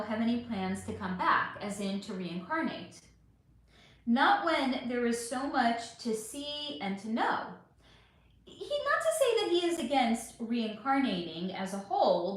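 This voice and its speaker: The recording is very echoey, and the woman's voice is highish and a little bright. She hosts a psychic livestream, talking candidly with viewers and cursing liberally as she works through their comments.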